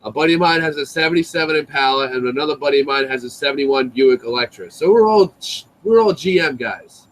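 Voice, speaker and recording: A man's voice: medium pitch, fast talker, rough recording. A young man telling a story in casual, profane greaser slang, acting out the voices of the people in it. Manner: animated, acts out voices in his story. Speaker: live stream guest.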